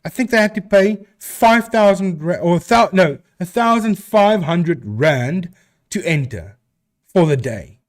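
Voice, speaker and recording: A man's voice: high-pitched, expressive, unhurried. A man from South Africa with a South African accent, a live stream host chatting casually and answering viewers with rambling restarts.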